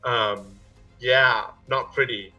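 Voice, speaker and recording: A man playing a tabletop game, excitable and full of eager questions. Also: mid-range voice, drawn-out words, far from the mic, dull audio, soft background music. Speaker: player. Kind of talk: casual tabletop play.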